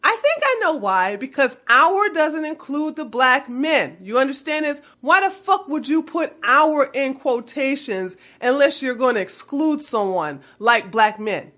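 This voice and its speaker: A woman's voice: sits high, big pitch swings, unhurried, hardly any pauses, bright, forceful tone. A woman vlogger delivering a heated, blunt commentary rant full of swearing. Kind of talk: profane ranting commentary.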